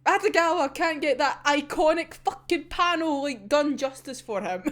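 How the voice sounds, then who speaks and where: A woman's voice: high voice, animated, normal speed. A young woman with a Scottish accent chatting casually about an anime episode, swearing freely and laughing often. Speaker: anime reviewer.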